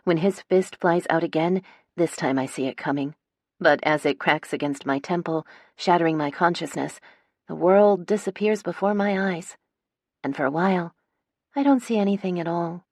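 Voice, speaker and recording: A woman's voice: fairly low pitch, moderate pace, a little mellow, dry recording. A woman narrating a first-person romance audiobook in a wry, dramatic storytelling manner, on a close studio mic.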